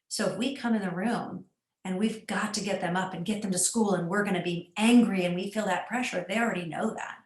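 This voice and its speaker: A woman's voice: medium pitch, a little fast, echoey room. A woman hosting a webinar, speaking earnestly and personally about parenting. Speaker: webinar host. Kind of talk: webinar talk.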